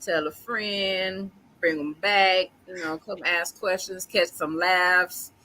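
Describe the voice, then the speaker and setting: A young woman hosts a laid-back podcast, her tone bright and ringing. She sounds teasing and exasperated, with faint background noise behind her. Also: fairly low pitch. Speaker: podcast host. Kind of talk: casual chat.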